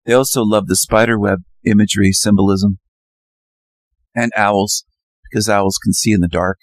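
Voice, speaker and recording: A man with a low-set voice monologues over a slideshow of images, circling back to the same phrases and jumping into loud, emphatic bursts. The sound is dry and close, with no room around it. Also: fairly even intonation, normal speed, no room sound. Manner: ranting, repetitive, emphatic bursts. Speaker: channel host.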